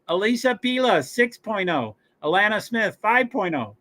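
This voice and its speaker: Bright, high-voiced man reading rosters. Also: big pitch swings. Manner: halting, many fillers, chatty asides. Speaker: host of a sports watch-along stream. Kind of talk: casual live-stream reading of team rosters and stats.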